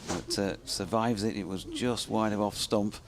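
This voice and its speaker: A man's voice: on the low side, steady tone. A man commentating live on cricket, calling each ball and trading dry quips with his co-commentator. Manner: dry, quick wit in banter.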